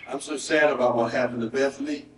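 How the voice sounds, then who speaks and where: A middle-aged man, preaching a sermon and telling a personal story in an earnest voice that often drops to a hushed, emotional tone. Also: medium pitch, fairly even intonation, quick pace. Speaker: pastor. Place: church sanctuary. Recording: roomy church sound from a distant mic.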